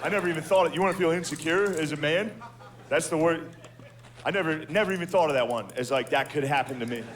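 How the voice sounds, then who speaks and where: A man's voice: on the high side, quick pace, a bit bright. A man doing a stand-up comedy routine, telling profane, self-deprecating stories. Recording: clear background noise.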